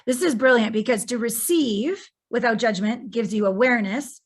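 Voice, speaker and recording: A woman's voice: a little high, normal speed, breathy edge. Reflective woman hosting a podcast. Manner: reflective, lots of soft "mm" agreement. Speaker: podcast host. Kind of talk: casual podcast conversation.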